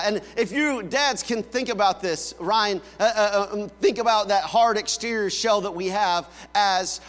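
A pastor with a high, fairly bright voice preaches a sermon slowly and deliberately, telling family stories and playfully imitating his kids calling out. His voice rings through a big, reverberant hall over a faint mains hum.

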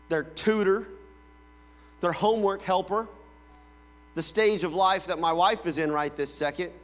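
A pastor preaching with a high voice and a slow, deliberate pace. He tells family stories and playfully imitates his kids calling out. His voice rings in a big reverberant hall over a faint mains hum. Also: fairly bright tone. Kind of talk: sermon.

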